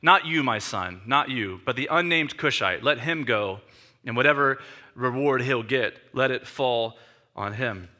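A preacher voicing a grim, weary old general. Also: male voice, mid-range voice, measured pace, bright, forceful tone, pitched below the performer's own voice.

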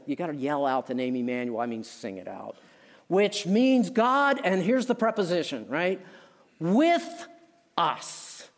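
A male pastor preaching a sermon in an easy, conversational way, swelling into emphatic lines and dropping into quiet asides. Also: on the high side. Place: church sanctuary. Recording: long hall reverb.

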